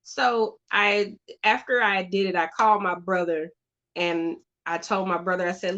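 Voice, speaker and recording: A woman hosting her own show, telling a story in a casual, chatty way, halting with fillers and restarts, on a slightly dull, lo-fi recording. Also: mid-range voice, steady tone, a bit bright. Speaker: podcast host.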